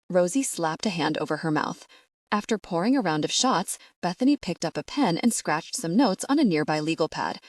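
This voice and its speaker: Audiobook narrator, woman, low voice, animated delivery, dry close studio sound. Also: a little fast, dry recording. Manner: expressive storytelling. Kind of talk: scripted narration.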